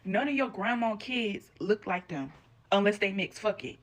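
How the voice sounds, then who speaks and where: A woman's voice: medium pitch, moderate pace. Blunt lecturing woman ranting. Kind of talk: reaction video rant.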